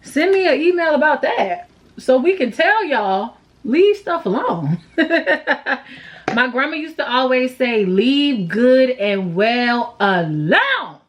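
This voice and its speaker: In a slow, high-pitched, sing-song voice, a woman chats through her makeup tutorial. She is candid and slangy, venting between steps and openly showing sadness and emotion.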